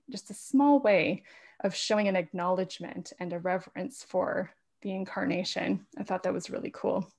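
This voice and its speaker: Woman, podcast guest, casual interview, rapid talk, frequent laughter. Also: mid-range voice. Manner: talks fast with frequent laughs.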